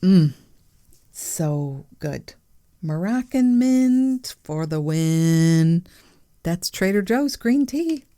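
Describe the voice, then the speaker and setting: A woman hosting her podcast, talking gently and reflectively to her listeners with playful asides. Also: fairly low pitch, expressive, very slow, no room sound, studio quality. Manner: soft, warm-hearted, musing, with playful asides and small laughs. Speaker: podcast host.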